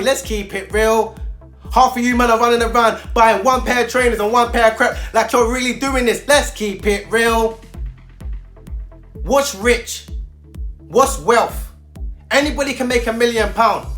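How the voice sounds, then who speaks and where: A man's voice: extremely high pitch, a bit bright. A man, a youth mentor ranting straight to camera in fired-up, preachy street talk, repeating himself for emphasis. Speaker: youth mentor speaking to young people. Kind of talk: direct-to-camera rant.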